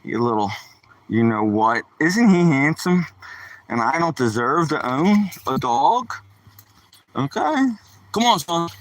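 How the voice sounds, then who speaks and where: A man's voice: fairly high pitch, sing-song, slow pace, pauses often, far from the mic. A man streaming casually, joking around and talking to his dog while out on a walk.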